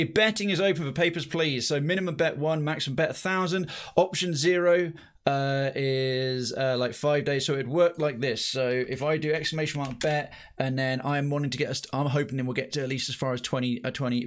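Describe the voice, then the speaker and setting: A man's voice: medium pitch, steady tone, a little fast. A man streaming a video game, rambling casually through his commentary and swearing now and then. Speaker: gaming streamer.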